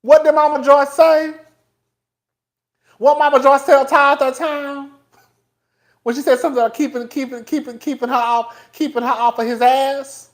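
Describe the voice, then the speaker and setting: A man hosting a casual live-stream commentary, chatty and profane, laughing often and talking straight to his viewers. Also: very high-pitched. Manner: animated, profane, laughs often between remarks; chatty, talks straight to viewers as "girl" and "y'all". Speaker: host.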